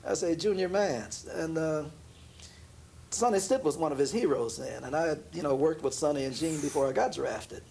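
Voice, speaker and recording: Male interviewee, gravelly, slightly high voice, chatty storyteller who acts out the people in his stories, quiet room hum. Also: moderate pace. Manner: animated storyteller, laughs often, acts out quoted voices. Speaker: jazz pianist interviewee. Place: room in an apartment.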